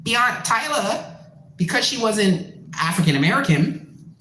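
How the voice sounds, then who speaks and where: Canadian woman going off, swearing, blunt and loud, roomy sound with a little hiss. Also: mid-range voice, unhurried. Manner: profane, blunt, animated storytelling. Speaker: musician and show host. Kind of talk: casual rant.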